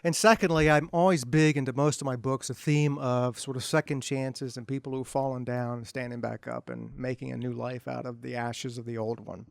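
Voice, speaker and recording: A middle-aged man, an author, telling self-deprecating anecdotes to an audience at a bookstore event in a relaxed, humorous way. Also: mid-range voice, a little fast, creaky, few pauses, no room sound, studio quality. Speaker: author speaking at a book event. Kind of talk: humorous storytelling talk to an audience.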